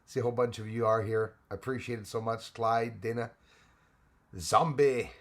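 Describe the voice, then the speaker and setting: A man's voice: mid-range voice, fairly even intonation, moderate pace. A man hosting a live stream, chatting casually and greeting viewers by name, rambling with frequent restarts. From Canada.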